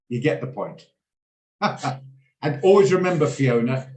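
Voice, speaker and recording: A man's voice: mid-range voice, animated, moderate pace. Emotional, rambling male host on a video call, in a roomy space. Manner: emotional, rambling, rants and laughs. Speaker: trading room host. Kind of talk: casual talk on a video call. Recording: echoey room on a video call.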